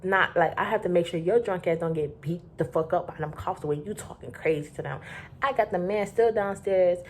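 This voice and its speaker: A woman from Florida telling a rambling, profane storytime about her work, animated and loose. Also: fairly low pitch, brisk, slight background noise. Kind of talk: casual storytime.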